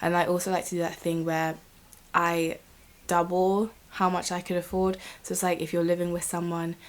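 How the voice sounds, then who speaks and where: A woman's voice: on the low side, monotone, normal speed. A young woman, chatting casually to camera in a rambling, swearing vlog. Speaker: vlogger.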